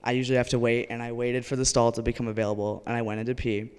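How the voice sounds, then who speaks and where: A man's voice: mid-range voice, completely flat delivery, very fast, a little mellow, clear, resonant tone, long reverb tail. A young man telling a personal story live on stage, earnest with wry asides. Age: young adult.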